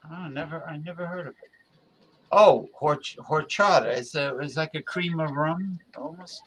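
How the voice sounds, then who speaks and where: An excitable man co-hosting a loose casual chat, his voice sitting a little high. He stumbles and restarts often and throws in playful noises. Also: moderate pace, slight background noise. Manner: excitable, repeats words and restarts, playful sound effects. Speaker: co-host.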